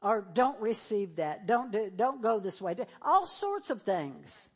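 A woman's voice: mid-range voice, very animated, measured pace, breathy edge. A middle-aged woman pastor preaching a sermon in a conversational way, acting out the voices she quotes.

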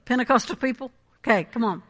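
A woman preaching a Pentecostal sermon with a bright, tense edge to her voice. She speaks in a fairly high register, pressing hard on key phrases and checking in with her congregation. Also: fast.

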